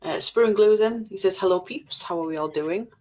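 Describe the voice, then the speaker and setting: A woman's voice: medium pitch, a little fast. A woman co-hosting a casual livestream, reading viewers' comments aloud in a blunt, sweary way.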